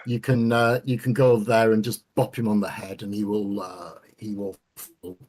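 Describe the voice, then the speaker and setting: A man narrating as game master of a tabletop role-playing game, relaxed and a little hesitant, counting dice aloud. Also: fairly low pitch, moderate pace.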